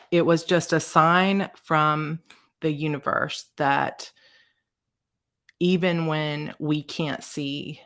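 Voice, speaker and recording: A woman host in her thirties telling a personal story in a casual chat, emotional and close to tears, with halting restarts. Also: sits low, creaky, fairly bright tone. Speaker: author and video host.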